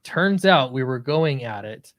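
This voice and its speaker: A man's voice: mid-range voice, lively intonation, a little slow, fairly bright tone, dry recording. A man co-hosting a podcast who tells an embarrassing story in a casual, self-mocking way, often breaking into laughter and restarting his sentences. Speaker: podcast co-host.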